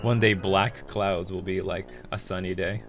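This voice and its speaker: A man's voice: low voice, fairly even intonation, measured pace, faint music behind. A man with a Canadian accent, chatting casually while streaming a card game, laughing often and swearing now and then. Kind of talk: casual gameplay commentary.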